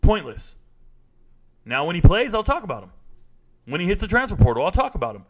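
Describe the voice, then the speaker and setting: A man's voice: high-pitched, sing-song, fairly quick, a bit bright. A man in his forties hosting a casual live sports talk show, reading viewer comments and telling stories in a blunt, joking, slangy manner.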